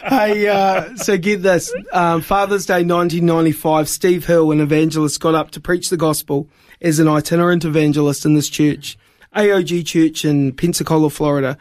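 High-voiced New man telling a story. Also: moderate pace. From New Zealand. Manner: animated storyteller, voice climbing high when excited. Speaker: evangelist guest. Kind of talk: storytelling on a radio show.

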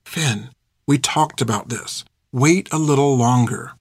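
A man's voice: on the high side, big pitch swings, normal speed, no room sound, studio quality. A man doing an earnest, worried young man. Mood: urging. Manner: earnest, urging.

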